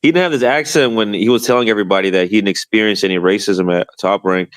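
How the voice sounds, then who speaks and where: Co-host, male, low voice, mocking tone, dry close mic. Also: fast, no echo. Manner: mocking, mimics others. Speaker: podcast co-host. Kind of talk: casual boxing podcast banter.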